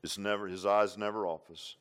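A man's voice: fairly low pitch, steady tone, fairly quick, fairly bright tone, clear, resonant tone. A man preaching a sermon, repeating lines for emphasis and tossing in "huh?" and "amen.". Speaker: pastor.

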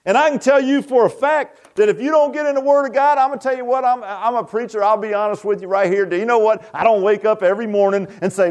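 A man preaching a Baptist sermon in a folksy, animated way, often stammering and restarting. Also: high-pitched, fast talker, hardly any pauses. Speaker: Baptist pastor.

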